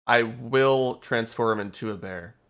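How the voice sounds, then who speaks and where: A man's voice: medium pitch, a bit bright. Young guy player, stops and restarts, tells what his character does. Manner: halting, narrates his character's actions. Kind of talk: casual tabletop game play.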